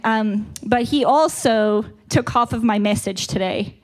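A South African woman speaks at a church retreat in a voice on the higher side, measured in pace and a little mellow, with soft music playing behind her. Her talk is candid and chatty, delivered through a stuffy nose, and now and then she laughs at herself.

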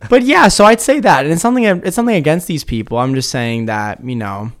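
A man's voice: a little high, animated, quick pace. A young man in his twenties, a podcast guest, chatting casually, rambling with fillers and laughing at himself. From Kent County, Maryland. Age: 20s. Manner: giggly, self-deprecating, rambling with fillers.

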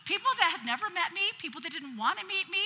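A woman telling a humorous story as she preaches, in a lively, chatty, self-mocking way. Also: very high-pitched, quick pace. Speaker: preacher at a women's conference. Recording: long hall reverb.

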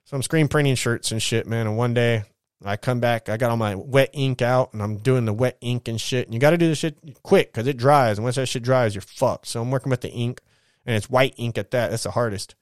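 A man's voice: medium pitch, fairly quick, clean tone, dry recording, clean studio sound. A man in his thirties telling his life story in a casual, rambling monologue, blunt and full of swearing and slang.

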